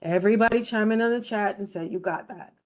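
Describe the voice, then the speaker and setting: A woman's voice: mid-range voice, fast, darkish tone. A woman teaching a game design class, explaining each step patiently and checking in with her students. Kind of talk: recorded screen-share lesson.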